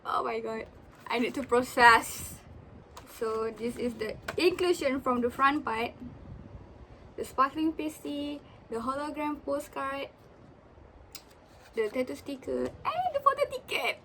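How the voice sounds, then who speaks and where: A young woman, chatting casually as she unboxes albums, often gasping and squealing with excitement. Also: high-pitched, slow, pauses often, slight background noise. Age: young adult. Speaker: vlogger.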